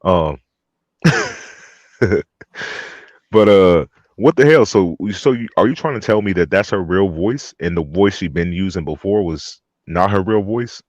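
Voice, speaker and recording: A man's voice: low voice, animated, a little slow, no echo, lo-fi sound. A man co-hosting a stream, laid-back and cursing casually as he chats. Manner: laid-back, swears casually, laughs often. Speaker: co-host. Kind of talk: casual chat.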